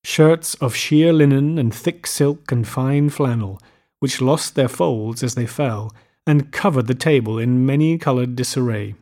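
A man reading literary fiction aloud as an audiobook narrator, measured and unhurried. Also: mid-range voice, darkish tone.

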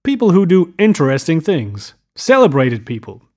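A man's voice: a little high, huge pitch swings, normal speed, darkish tone, voice pushed up. A man reading the part of an eager, showy wealthy young man who boasts and keeps saying "old sport".

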